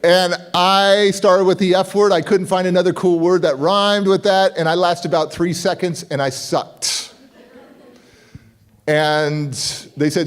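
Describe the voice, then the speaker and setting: A middle-aged man, a motivational speaker, telling a story on stage, animated and jumping into quoted voices. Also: a little slow. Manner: animated, acts out quoted voices with big pitch jumps. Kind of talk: energetic storytelling keynote. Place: conference hall stage.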